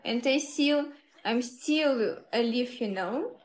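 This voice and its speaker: A woman's voice: a little high, expressive, takes it slowly, a little hiss or hum. A young woman live streaming, chatting casually with viewers in simple broken English and laughing often.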